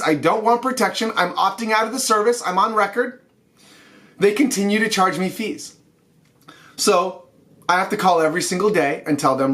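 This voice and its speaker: A man's voice: high voice, fairly bright tone. Heated, ranting man hosting a news show. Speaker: host of a weekly news show. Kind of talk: casual news rant to camera.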